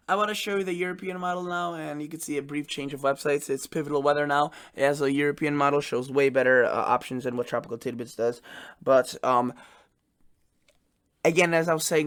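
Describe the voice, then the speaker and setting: A man's voice: a little high, fairly bright tone. A man hosting his own weather channel, talking unscripted through forecast maps with plenty of fillers and restarts. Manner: halting, many fillers and restarts.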